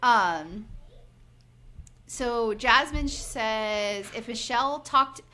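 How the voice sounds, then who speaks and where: A woman's voice: on the high side, drawn-out words, pushed and bright. A woman in her forties co-hosting a podcast, chatting casually and animatedly, acting out quotes with lots of "like" fillers. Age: 40s. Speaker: podcast co-host. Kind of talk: casual recap chat.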